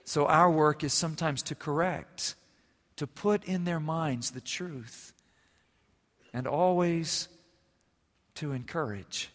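Bright-voiced male pastor in a reverberant hall. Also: a little high, slow, pauses often. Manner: dynamic, swings from loud emphasis to quiet intimacy. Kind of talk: sermon. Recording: long reverb of a large hall.

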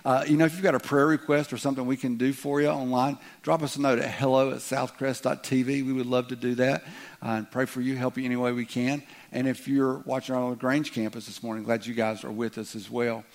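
A man with a Southern US accent, a pastor leading prayer and preaching a sermon to a church congregation in a folksy, joking way. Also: medium pitch. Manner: folksy and joking, speeds up when reading scripture. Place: church sanctuary.

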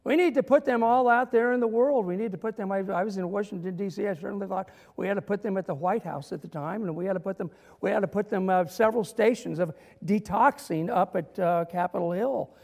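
A man's voice: high-pitched, fast talker, gravelly, few pauses, a little mellow. Man, minister, sermon, storytelling with humor, long church reverb. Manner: storytelling with humor and dramatic emphasis.

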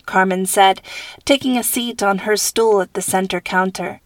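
A woman's voice: mid-range voice, dry recording. Woman narrating a storybook podcast. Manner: calm, measured reading. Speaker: podcast host and author.

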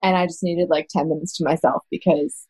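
A woman's voice: low voice, fairly even intonation, brisk, darkish tone, husky, no echo. Woman in her 30s, candid storyteller who laughs often, casual chat, dry sound.

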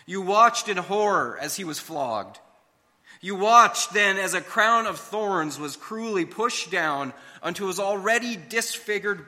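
Slow, bright-voiced male storyteller. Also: sits high. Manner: slow, emphatic, dramatic delivery. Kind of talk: second-person devotional narration. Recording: long hall reverb.

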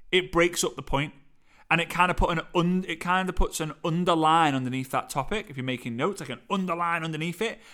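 A man with a Liverpool accent coaching on storytelling in a lively, playful way that swings his voice high and low, talking into a microphone. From Liverpool, England. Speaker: speaking coach. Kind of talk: energetic teaching talk. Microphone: studio microphone.

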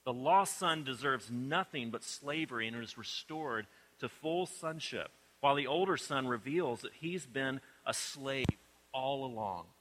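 A man preaching a sermon, telling a story expressively and shifting between soft, low passages and emphatic ones. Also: lively intonation, unhurried, rough recording. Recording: clicking noise in the background.

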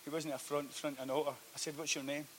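A man preaching a sermon, telling a story that swings from hushed to loud. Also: fairly high pitch, flat delivery, quick pace, a little hiss or hum. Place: church hall.

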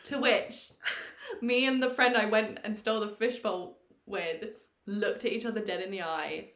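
Woman, podcast co-host, animated sweary storyteller, mid pitch, roomy echo on the mic. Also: measured pace. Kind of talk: casual storytelling chat.

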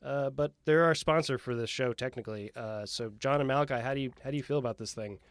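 A man's voice: medium pitch, fast, dry recording. A man hosting a casual comedy podcast as game master, upbeat and announcer-like. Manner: upbeat, announcer-like when setting up rounds.

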